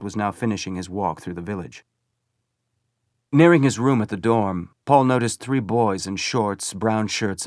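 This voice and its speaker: A man reading a novel aloud as an audiobook narrator, measured and steady. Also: fairly low pitch, dry recording, clean studio sound. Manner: measured storytelling. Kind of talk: scripted narration.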